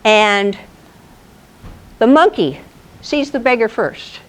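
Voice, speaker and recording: Playful female presenter at a live talk, higher pitch and very animated delivery. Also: unhurried. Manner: playful, animated, asks the audience questions. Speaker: presenter at an astronomy club talk. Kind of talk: lively storytelling lecture.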